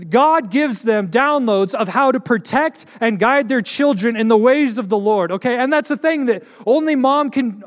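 A young man with a high voice preaches in a large hall where his words ring out with a long echo. He tells a personal story in an earnest way. He sometimes laughs at himself as he talks. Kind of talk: sermon with personal testimony.

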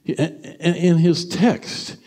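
A man's voice: a little high, level tone, slow, a little mellow. Chatty male pastor in a reverberant hall. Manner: chatty, storytelling, with sudden bursts of emphasis. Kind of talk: sermon. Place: church sanctuary.

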